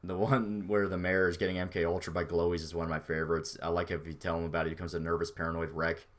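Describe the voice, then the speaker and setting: In a low voice with a level tone, a man talks fast on a livestream, reacting to what his chat says. His manner is casual and laid-back, rambling along and cursing freely.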